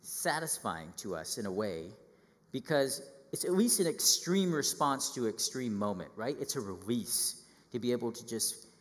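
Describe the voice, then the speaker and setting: Animated preacher man in a hall. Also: mid-range voice, normal speed. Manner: lively, acts out quoted voices, asks listeners questions. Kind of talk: children's sermon.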